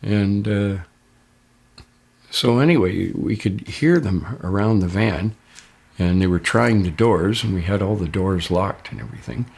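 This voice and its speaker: Low, gravelly older man telling a story. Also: a little slow, a little mellow. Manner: raises his voice sharply when quoting others. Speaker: interviewee recounting an experience. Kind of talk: casual first-person storytelling.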